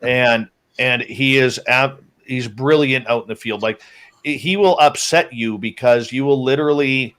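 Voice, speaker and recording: A man of average pitch tells a story in a loose, casual way, as a guest on a show. He slips into his companions' voices when he quotes them. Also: a little slow. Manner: lively, acts out the quoted lines of his companions. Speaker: guest telling an encounter story.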